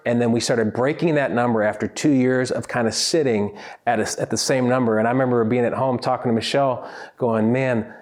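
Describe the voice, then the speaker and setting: Male pastor, earnest, slightly low voice, reflective and halting at times. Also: darkish tone. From United States. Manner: earnest, repeats words when starting sentences. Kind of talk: year-in-review reflection.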